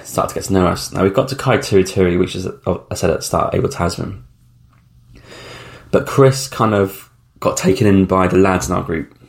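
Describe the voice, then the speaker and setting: Male podcast host, 30s, low and gravelly, loose slangy solo storytelling. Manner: rambling, chatty, frequent ums, blunt slang. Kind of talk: casual solo travel storytelling.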